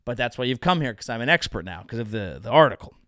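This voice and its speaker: A man's voice: mid-range voice, very animated, fast talker, pushed and bright, dry recording, clean studio sound. A young man from the Bay Area who hosts a comedy show, riffing on the news with wry, self-mocking asides. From San Francisco Bay Area, USA. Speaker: comedian host.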